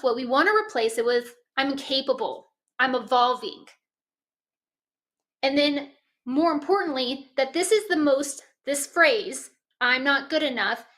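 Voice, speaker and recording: A woman's voice: high-pitched, a bit bright. A woman giving a motivational workshop talk, coaching listeners through breathing and self-talk exercises. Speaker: workshop presenter.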